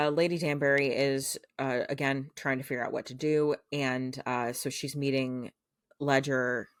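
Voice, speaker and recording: A woman's voice: rumbling low, steady tone, unhurried, smooth, no room sound. A woman co-hosting a podcast, rambling casually through a show recap with lots of fillers. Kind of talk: casual chat.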